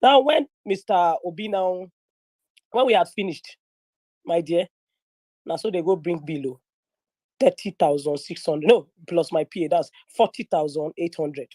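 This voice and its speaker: A young woman from northern Nigeria with a Nigerian English accent, telling a story in a lively, chatty way and slipping into pidgin. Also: lowish voice, unhurried, no room sound. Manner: animated, mixes pidgin, acts out quoted voices. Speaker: guest speaker in an online audio room. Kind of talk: casual storytelling. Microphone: phone or headset in an online audio room.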